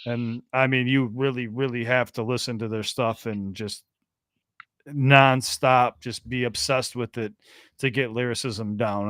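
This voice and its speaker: An American man talks on a podcast with a smooth, resonant voice in a middle register. He chats easily with a caller, loose and talkative, and leans on fillers and restarts. The sound is dry and close. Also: mid-range voice, a bit bright, no room sound. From United States. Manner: chatty and easygoing, many fillers and restarts. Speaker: podcast co-host. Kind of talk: casual podcast chat with a caller.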